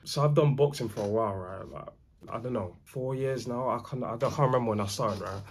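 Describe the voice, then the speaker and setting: A young man, rambling through a casual storytime in animated slang. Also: mid-range voice, fairly quick, slight background noise. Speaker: vlogger.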